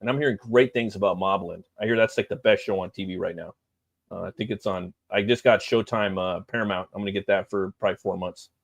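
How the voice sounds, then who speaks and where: A man's voice: sits low, fairly even intonation, fast talker, gravelly, no echo. A middle-aged man hosting a live stream, chatting loosely and profanely with lots of fillers. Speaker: livestream host. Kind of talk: casual live-stream chat.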